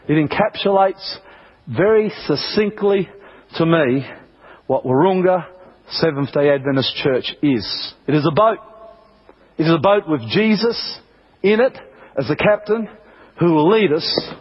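This is a male pastor delivering an impassioned sermon, pressing each point with rising emphasis. His voice sits high and carries a husky grain. The recording sounds dull and lo-fi, like an old broadcast. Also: lively intonation, measured pace, pauses often. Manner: impassioned preaching, builds to emphatic peaks.

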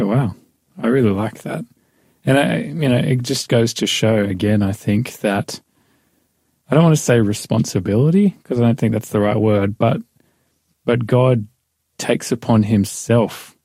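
A man's voice: lowish voice, moderate pace, mellow, slightly rough, no room sound. A man reflecting on his faith in a casual chat, stopping to search for the right words.

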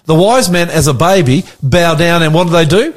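A man's voice: fairly high pitch, expressive, normal speed. An Australian pastor leading a conversational Bible study, animatedly quizzing his co-host with questions.

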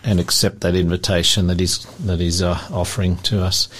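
A man hosting a faith program, calmly prompting his guest and wrapping up the segment. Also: deep voice, a little fast, slightly rough. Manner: brief affirming interjections, calm wrap-ups. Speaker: radio program host.

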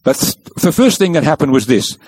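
Man preaching, fairly high voice, lively swooping pitch, emphatic storytelling. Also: a little fast. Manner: emphatic storytelling, asks rhetorical questions. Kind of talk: sermon.

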